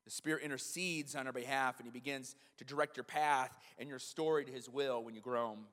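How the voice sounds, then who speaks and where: A man's voice: mid-range voice, fairly even intonation, fairly quick, a bit bright. A male pastor preaching a sermon in a conversational way, often checking in with the congregation with "right?". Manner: conversational preaching, frequent "right?" tag questions. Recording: long hall reverb.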